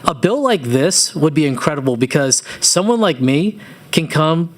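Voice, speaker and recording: Earnest, fairly high-voiced man testifying. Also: very animated, moderate pace. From Louisiana. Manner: earnest storytelling, informal asides. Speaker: business owner testifying. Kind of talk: public testimony at a committee hearing.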